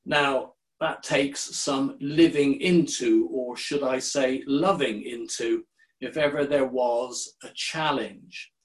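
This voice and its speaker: An older man, a minister, giving a sermon in a measured, deliberate way and quoting scripture. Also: medium pitch, steady tone.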